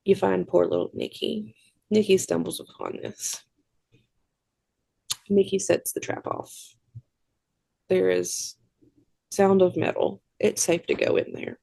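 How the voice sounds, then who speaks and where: In a mid-range, creaky voice with a breathy edge, a podcast co-host slowly walks through a movie scene by scene in a casual, animated recap full of wry asides. Long pauses punctuate the talk, and there is no echo.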